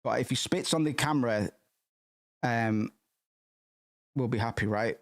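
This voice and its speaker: A man hosting a livestream in casual chat, rambling and excitable with lots of swearing, from his home streaming setup. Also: mid-range voice, unhurried. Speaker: livestream host.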